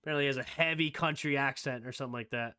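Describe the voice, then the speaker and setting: A man hosting a casual live sports talk stream, reacting quickly and excitedly with strong opinions. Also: medium pitch, smooth. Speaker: streamer host.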